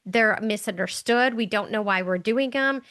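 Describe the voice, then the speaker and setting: Bright-voiced chatty woman, podcast host. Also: fairly high pitch, moderate pace. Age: middle-aged. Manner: chatty storyteller, acts out quoted voices. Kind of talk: casual conversational podcast.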